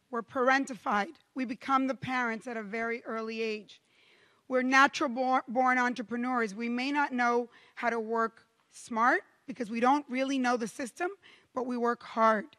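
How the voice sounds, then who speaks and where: A middle-aged woman from Cuba giving a keynote speech to a conference audience, telling stories with lively, emphatic pauses. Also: a little high. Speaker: keynote speaker. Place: large hall. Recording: long hall reverb.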